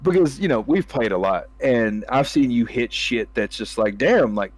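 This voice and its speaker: A man with a medium-pitched voice and lively intonation hosts a casual gaming chat at normal speed as a podcast host and gamer. He laughs often, swears freely, and acts out what he'd say to his teammates.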